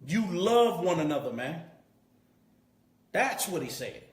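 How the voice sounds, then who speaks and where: A man's voice: on the high side, big pitch swings, slow. A man teaching a scripture class as a preacher, emphatic and repeating his key points. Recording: roomy echo.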